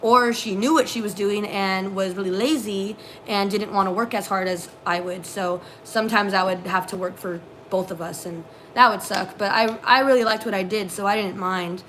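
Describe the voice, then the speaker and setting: A young woman co-hosting a casual live stream, telling animated work stories with many fillers. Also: medium pitch, normal speed, hardly any pauses, slight background noise. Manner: animated storyteller, lots of fillers. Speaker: co-host, former theme park custodian.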